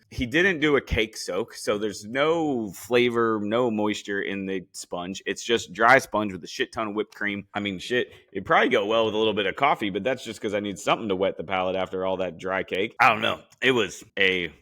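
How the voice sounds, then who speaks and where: A man hosting a podcast, giving a blunt, animated, casual recap of a cooking competition and swearing freely. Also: fairly low pitch, moderate pace, few pauses. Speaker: podcast host.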